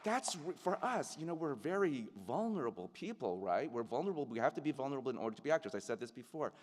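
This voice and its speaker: A middle-aged American actor gives a heartfelt, reflective commencement speech in a large ceremony venue, its long reverb audible along with background noise. His mid-range voice is very animated and fast.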